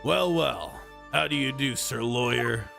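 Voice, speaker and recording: A smug, self-important detective who savors every word, as a Canadian man with a gravelly edge puts him on. Game music plays steadily behind the voice. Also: medium pitch. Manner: grandiose, theatrical, drawn-out. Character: pompous self-admiring adult male detective.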